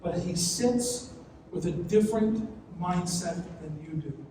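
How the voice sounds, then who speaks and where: A young man preaches to a youth group with a high, lively voice, now and then acting out someone's prayers. He is caught from a distance in a large room with a strong echo and a faint background hiss. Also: slow. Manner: animated, acts out prayers in a strained voice. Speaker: youth pastor. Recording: echoey hall, distant mic, faint noise.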